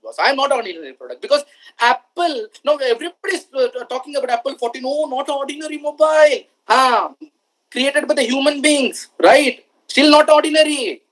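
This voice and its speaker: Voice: sits high, fairly bright tone, rough recording. A motivational speaker addresses a room of students. The talk moves in emphatic, repeated phrases, with frequent questions thrown at the listeners. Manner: emphatic, repeats lines for effect, asks the audience questions.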